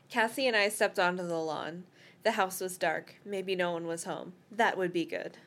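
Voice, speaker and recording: A woman's voice: lowish voice, unhurried, a bit bright. A woman co-hosting a casual podcast over a video call, reading a novel aloud with playful voices and chatting between passages. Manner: reads with playful character voices and laughs.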